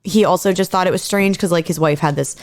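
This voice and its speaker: A woman's voice: on the low side, fast talker. A woman in her thirties co-hosting a podcast, telling a true-crime story in a chatty, casual way, full of fillers and casual swearing. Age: 30s. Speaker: podcast co-host.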